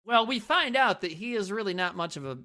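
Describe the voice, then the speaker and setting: A man's voice: sits high, expressive, a little fast, sharp tone. A man co-hosting a podcast, chatting casually and jokily about a movie, rambling and swearing freely. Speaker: podcast co-host.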